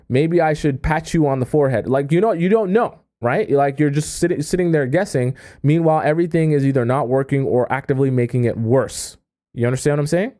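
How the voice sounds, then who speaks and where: Male dating coach, warm and mellow voice, chatty live-stream delivery with constant "okay?" check-ins. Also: medium pitch. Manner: conversational, keeps checking in with "okay?" and "right?". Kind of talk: live stream advice talk.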